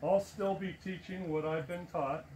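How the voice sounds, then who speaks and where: A man's voice: high-pitched, fairly even intonation, moderate pace, darkish tone, a little hiss or hum. Earnest, emphatic man giving a talk. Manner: earnest, emphatic, repeats for stress. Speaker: presenter. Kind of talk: talk to an audience.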